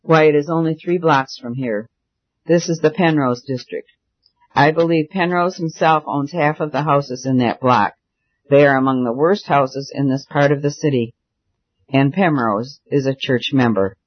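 A man's voice: on the high side, normal speed, natural voice. A man voicing a grave male minister in an audiobook, speaking soberly. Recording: dull dry recording.

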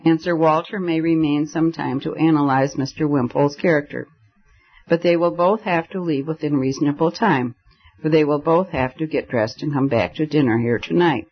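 A man reading a story aloud as audiobook narrator, in steady storytelling delivery. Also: on the high side, normal speed, husky, muffled recording. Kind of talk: scripted narration.

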